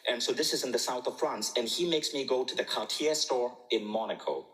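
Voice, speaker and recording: A middle-aged man from Malaysia telling a personal story in a jokey, animated way, laughing at his own punchlines. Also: medium pitch, fairly quick, poor audio. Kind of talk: humorous storytelling talk.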